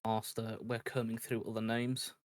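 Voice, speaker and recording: A man's voice: fairly low pitch, flat delivery, normal speed, no room sound. A man runs a community Q&A in a loose, hesitant way, full of fillers. The recording is dry, with no room sound. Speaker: meeting host. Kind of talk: casual livestream hosting.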